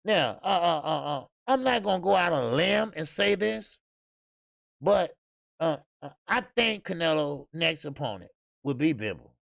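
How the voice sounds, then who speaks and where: Boxing channel host: a man with a heavy gravelly voice and a profane, emphatic delivery, stuttering "uh" fillers, dry recording. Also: on the high side, big pitch swings, moderate pace, a bit bright, dry recording. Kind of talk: casual boxing commentary rant.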